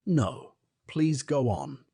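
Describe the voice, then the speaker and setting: A man's voice: medium pitch, lively intonation, moderate pace, mellow, no room sound, studio quality. A man voicing a curious, polite young girl in an audiobook, speaking earnestly and sometimes indignantly. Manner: earnest, eager questions, now and then indignant. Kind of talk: audiobook character voice.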